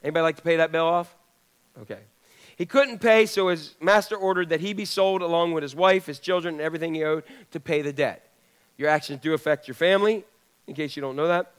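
Guy preaching a sermon, kinda high voice, chatty, throws questions at the church. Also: quick pace, clean tone. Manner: conversational preaching, asks the congregation questions. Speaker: pastor.

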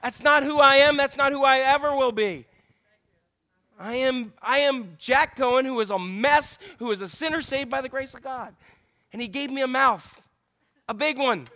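A middle-aged male pastor preaching a candid, self-deprecating sermon full of jokey asides and sudden high exclamations. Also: normal speed, sharp tone. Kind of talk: humorous conversational sermon.

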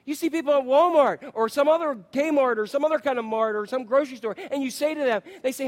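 A man preaching a sermon, telling stories with lively acted-out quotes and asking his listeners questions. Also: very high-pitched, normal speed. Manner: animated storytelling, acts out quotes, asks the congregation questions. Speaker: pastor.

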